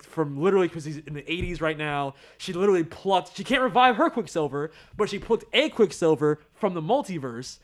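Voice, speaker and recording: A man in casual chat about a TV show, excitable, laughing often and acting out quotes. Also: a little high.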